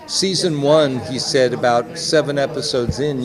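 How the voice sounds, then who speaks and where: A man with a medium-pitched voice, an executive producer and director, chats through anecdotes during a press interview at a busy convention, speaking at a measured pace with few pauses. He's chatty and anecdotal, quoting other people in lively voices. Loud crowd chatter fills the background.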